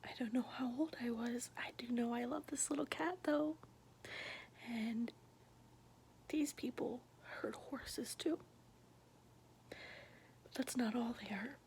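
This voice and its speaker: A young woman whispering a personal story in a soft, halting, intimate hush. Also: fairly high pitch, creaky, slight background noise. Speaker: vlogger sharing her past.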